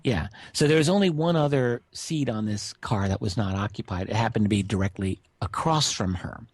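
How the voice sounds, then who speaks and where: A middle-aged man on a radio interview, telling a witness's strange story in a relaxed way with many fillers. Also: fairly low pitch, a little fast, slightly rough, no echo. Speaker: guest researcher.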